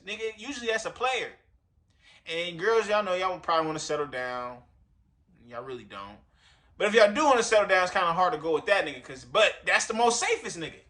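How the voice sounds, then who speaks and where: Animated, high-voiced man ranting to camera. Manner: profane, rambling, addresses viewers directly. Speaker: commentator reacting to a clip. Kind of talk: casual reaction commentary. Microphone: recording himself on camera.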